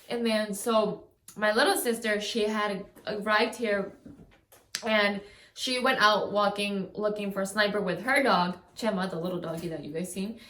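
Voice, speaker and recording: A young woman rambles through a storytime vlog at a middle pitch, full of "like" and half-finished sentences. Her voice bounces around a roomy, echoey space. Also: steady tone, normal speed, fairly bright tone. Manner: rambling, heavy use of "like", frequent restarts. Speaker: vlogger. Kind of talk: casual storytime. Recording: roomy echo.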